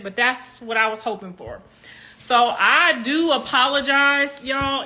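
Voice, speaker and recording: Middle-aged grandmother vlogging to camera, slightly high and bright tone, earnest with lots of "you know" restarts. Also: slight background noise. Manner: halting and rambling, full of "you know" restarts; earnest, apologetic yet defensive. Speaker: grandmother addressing viewers. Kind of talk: casual talk to camera.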